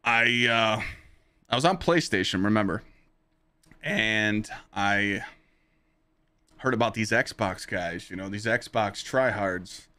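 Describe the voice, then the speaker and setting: A man hosting his own podcast, telling stories casually to a live chat in an animated, profane way, his pitch jumping high when he relives exciting moments. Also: takes it slowly, pauses often. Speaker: podcast host and streamer.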